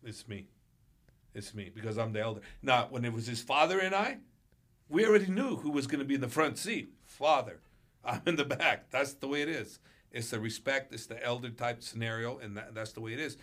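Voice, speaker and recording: A male martial arts coach tells stories as a podcast guest in a bright, ringing voice. He is animated and acts out the quotes with big jumps in pitch and volume. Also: fairly quick. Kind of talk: storytelling on a podcast.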